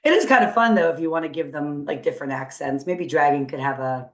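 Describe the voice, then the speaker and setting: A woman teacher talks through a coding tutorial in a fairly low voice, upbeat and encouraging as she thinks aloud. The room rings around her with a noticeable echo. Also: lively intonation, fast talker. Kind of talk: screen-recorded coding tutorial. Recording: roomy echo.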